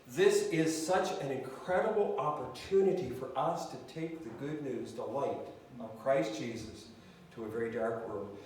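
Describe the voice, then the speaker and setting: A man preaching a sermon as pastor, speaking haltingly with many restarts and fillers. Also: fairly high pitch, darkish tone, a little hiss or hum. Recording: echoey hall, mic at a distance.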